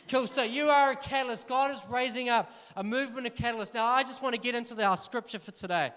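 Guy with a high voice preaching, fired up, pushing the crowd, big reverb hall. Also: fast talker. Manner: energetic, exhorts the congregation. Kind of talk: sermon. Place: church hall. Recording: long reverb of a large hall.

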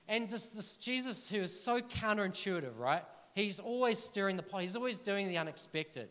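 A man preaching a sermon to a church congregation, energetic and urging the crowd to respond. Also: sits high, moderate pace, hardly any pauses. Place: church hall. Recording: long reverb of a large hall.

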